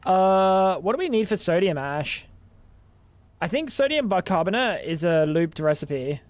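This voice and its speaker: High-voiced and unhurried, this man's pitch swings widely, with no echo on the audio. While gaming on a livestream, he chats loosely, rambling, musing out loud and cursing a lot.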